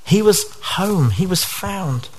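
Speaking slowly but animatedly, a preacher with a slightly higher-than-average male voice gives a sermon full of earnest conviction. Rhetorical questions keep pulling the audience in, and there's slight background noise.

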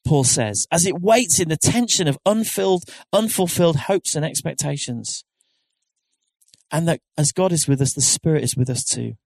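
Middle-aged male pastor, earnest, conversational preaching style, slightly high voice, dry close recording. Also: vocal fry, a little mellow, dry recording. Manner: conversational, earnest, with frequent restarts and rhetorical questions. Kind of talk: sermon.

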